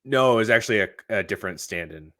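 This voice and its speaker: A man co-hosting a casual podcast, excitable and profane, often acting out characters' lines in a higher voice. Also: fast talker. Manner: excitable, swears a lot, acts out characters' lines. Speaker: podcast co-host.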